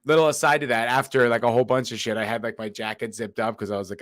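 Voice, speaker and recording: A man of middle pitch tells a story on a casual podcast, laughing and swearing as he goes. His voice sits in a dry, close-miked room. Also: fast, no echo. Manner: animated storyteller, swears often, laughs through his telling. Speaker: podcast co-host.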